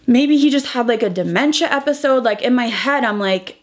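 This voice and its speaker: A woman's voice: a little high, fairly quick. A young woman vlogger recounting a painful personal story while doing her makeup, talking in a rambling, emotional way full of "like" and quoted dialogue. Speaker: beauty vlogger.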